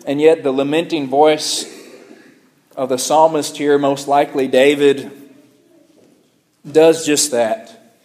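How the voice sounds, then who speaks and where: A man's voice: a little high, fairly even intonation, takes it slowly, pauses often, darkish tone. A man preaching a sermon, earnest and searching, often repeating words and restarting phrases as he explains scripture. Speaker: pastor.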